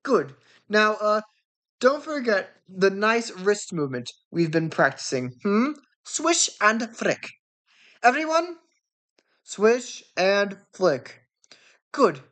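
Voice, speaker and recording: A woman voicing a tiny, fussy old male professor in a raised, chirpy voice with drawn-out words. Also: sing-song, a bit bright. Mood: instructing. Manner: high-pitched, drawn-out and chirpy.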